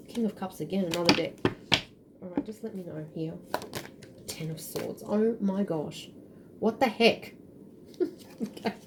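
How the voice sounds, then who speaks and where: Woman tarot reader, warm dark tone, emotional and searching, faint hiss behind. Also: mid-range voice. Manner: earnest, emotional, searches aloud for words. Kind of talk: intuitive tarot reading to camera.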